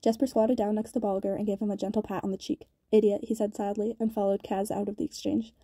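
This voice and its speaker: Fast, dark-voiced woman reading a novel. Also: mid-range voice, no room sound. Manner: even, steady narration. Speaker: audiobook reader. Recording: sped-up dry home recording.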